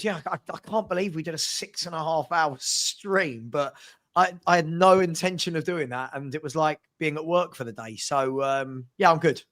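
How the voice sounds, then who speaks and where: A man's voice: on the high side, a bit bright, no room sound. A man co-hosting a casual podcast, wry and joking about the arguments with the host.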